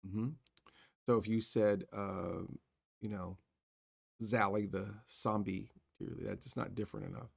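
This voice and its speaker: Gravelly male horror host, casual, halting livestream banter. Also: fairly low pitch, level tone, no echo, studio quality. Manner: rambling, searching for words. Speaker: horror movie show host.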